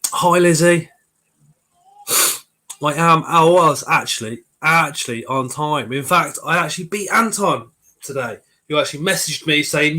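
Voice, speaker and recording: A chatty man, his voice sitting a little high for a man. He hosts a relaxed live stream from his home kitchen, greeting viewers by name. He is still getting over a cold. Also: unhurried. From Coventry, England. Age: 40s. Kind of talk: casual live-stream chat.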